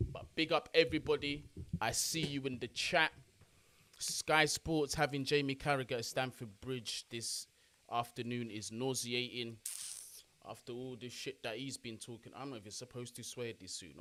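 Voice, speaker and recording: A young man, chatting casually on a football watch-along live stream and giving shout-outs to his chat. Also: medium pitch, moderate pace.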